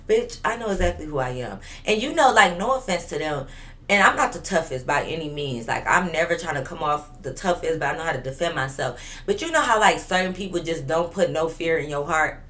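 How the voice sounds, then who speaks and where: A woman's voice: lowish voice, fairly quick, a bit bright. A woman in her twenties telling a storytime vlog in an emphatic, profane, fired-up way. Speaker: vlogger.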